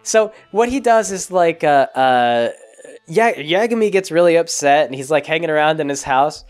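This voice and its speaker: Vlogger, man, high voice, goofy rambling recap, faint music behind. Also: animated, moderate pace. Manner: rambling, jokey, many fillers. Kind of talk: comedic movie recap.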